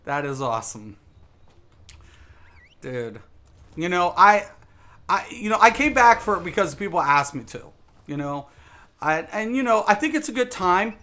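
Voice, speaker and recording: A man's voice: high voice, big pitch swings, unhurried, long pauses, sharp tone. A man streaming a game live, chatting casually with viewers in a rambling, emphatic way, repeating words and saying "dude" a lot. He sounds a little tipsy.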